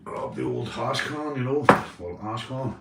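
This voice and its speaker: A man's voice: medium pitch, animated, unhurried, distant mic, heavy background noise. A Northern Irish man chatting casually to viewers on a live stream, rambling and swearing, calling everyone mate. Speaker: livestreamer. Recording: roomy, off-mic sound.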